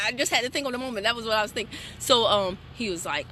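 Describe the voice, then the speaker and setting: Animated woman, bright voice. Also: on the high side, fast, hardly any pauses, a little hiss or hum. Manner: animated, chatty, laughs often, addresses viewers as y'all. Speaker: wellness products seller and team leader. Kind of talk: casual livestream talk to followers.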